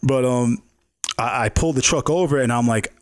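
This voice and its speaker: A man's voice: medium pitch, moderate pace, no room sound, clean studio sound. Loose, profane New York man telling stories. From New York City. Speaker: chef and podcast guest. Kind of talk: casual storytelling chat.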